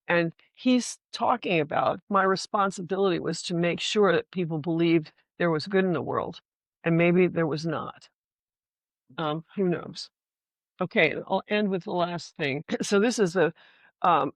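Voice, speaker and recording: A woman Shakespeare scholar talking candidly in a relaxed lecture style, often checking in with "right?" and swearing casually. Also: lowish voice, no room sound. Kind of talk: conversational lecture with readings.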